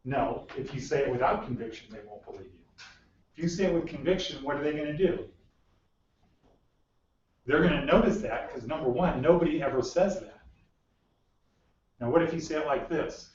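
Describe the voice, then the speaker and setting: A man's voice: fairly high pitch, normal speed, pauses often, a little mellow, slight background noise. A man teaching a job skills class, bluntly drilling his students with the same questions over and over. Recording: echoey room mic from far off, muffled.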